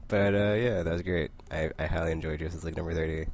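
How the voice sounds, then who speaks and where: A young man chatting casually about the comics he picked up this week, rambling with asides and short laughs and acting out the characters in quick voices. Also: extremely low pitch, fairly even intonation, darkish tone. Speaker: comic book vlogger. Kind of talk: casual comic book review.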